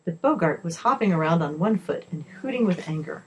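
A woman reading a children's story aloud in a steady, expressive way. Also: on the low side, brisk, hardly any pauses, husky, poor audio.

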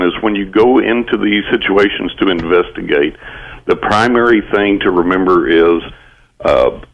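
A man's voice: deep voice, creaky. A man speaking as a guest on a talk radio show, earnest and reassuring as he explains. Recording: dull lo-fi radio recording.

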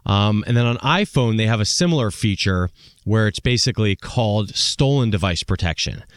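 A man with an American accent hosting a call-in tech radio show, telling stories in a chatty, animated way. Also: lowish voice, normal speed, smooth, no echo, clean studio sound. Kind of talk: casual call-in radio talk.

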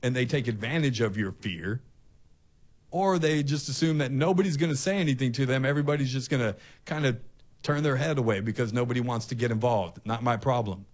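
Middle-aged male talk host, animated storyteller who acts out the people in his story. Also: medium pitch, brisk. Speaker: radio host.

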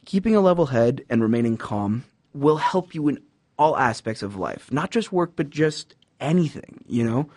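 A man's voice: mid-range voice, expressive, normal speed, darkish tone, no echo. A young man giving casual advice about customer service jobs, rambling with many fillers and acting out quoted customers and bosses. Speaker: podcast host giving job advice. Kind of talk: casual monologue.

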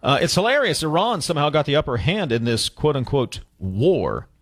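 A man's voice: fairly high pitch, big pitch swings, normal speed, no echo. Chatty radio host man. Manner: conversational, self-interrupting. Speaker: radio talk show host. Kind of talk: talk radio chat.

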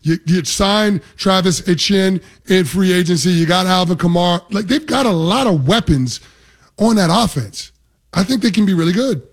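A man analyses football on a talk radio show, confident and explanatory. His voice is high for a man. He mixes casual slang into the breakdown. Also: moderate pace. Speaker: sports analyst co-host.

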